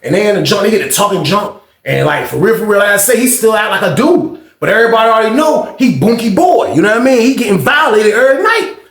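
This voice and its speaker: A man casually telling a prison story, acting out the people in it with raised, excited voices. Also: high voice, fast talker, few pauses, reverberant. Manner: animated, acts out quotes in raised voices.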